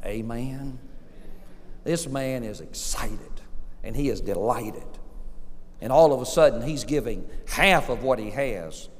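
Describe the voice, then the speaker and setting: A man preaching a sermon at middle pitch, swinging from hushed moments to loud, rising peaks. He calls out to the congregation for amens. His voice rings with the long reverb of a church hall. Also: animated, takes it slowly. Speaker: pastor.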